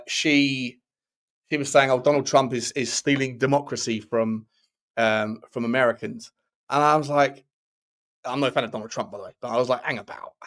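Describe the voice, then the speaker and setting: A man's voice: mid-range voice, a bit bright. A man hosting a casual football live stream, reading out chat messages and giving rambling, opinionated takes. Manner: chatty, opinionated, rambling with restarts.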